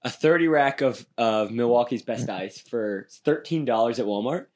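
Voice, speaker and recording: A man's voice: mid-range voice, normal speed. Joking man telling a party story. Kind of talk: casual chat.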